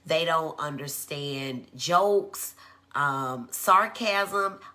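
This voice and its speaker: A woman gives a conversational teaching talk in a low voice. Her tone is bright and forceful. She acts out quoted speech in a high voice. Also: very slow. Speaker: physician giving a talk. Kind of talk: live-streamed educational talk. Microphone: phone.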